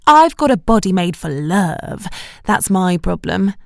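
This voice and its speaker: A woman reading an audiobook, voicing a loud, teasing young female cousin who smirks and grumbles. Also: lowish voice, sing-song, measured pace, creaky, no room sound, clean studio sound, full character voice. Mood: cheeky.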